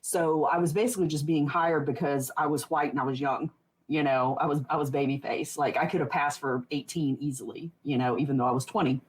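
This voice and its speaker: Guest, woman in her 40s: husky, low-pitched, laughs a lot as she tells stories. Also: fairly even intonation, a little fast. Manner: rambling, laughs often, many restarts. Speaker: podcast guest. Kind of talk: casual interview storytelling.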